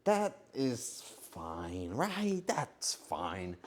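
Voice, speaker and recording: A man's voice: fairly low pitch, wildly swooping pitch, drawn-out words. A man streaming a game live, talking to himself with frantic, joking commentary.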